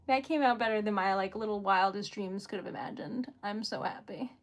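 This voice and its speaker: A woman's voice: medium pitch, a little fast, hardly any pauses. A young woman hosting a casual livestream, chatty and encouraging herself, sometimes dropping to a whisper while she concentrates. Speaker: livestream host making wax seal stickers.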